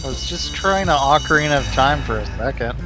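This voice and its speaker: A man's voice: medium pitch, animated, fast talker. Wry teasing male co-host. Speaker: co-host and commentator. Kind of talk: casual gameplay commentary. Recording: stream mic with faint game music.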